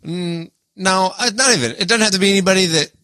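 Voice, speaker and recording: A man's voice: high voice, fast talker, no room sound. A man co-hosting a casual podcast chat, telling stories animatedly and acting out the people he quotes. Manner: animated storyteller who acts out quoted people. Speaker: podcast co-host.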